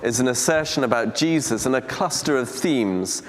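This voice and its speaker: A man preaching a teaching talk on scripture in a church, speaking in a measured, deliberate way with reflective pauses. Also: medium pitch, expressive, a little hiss or hum. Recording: long church reverb.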